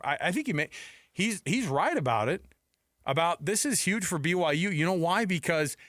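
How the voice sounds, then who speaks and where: Animated man on sports radio. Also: on the high side, no echo, studio quality. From United States. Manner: emphatic, acts out quotes with rhetorical questions.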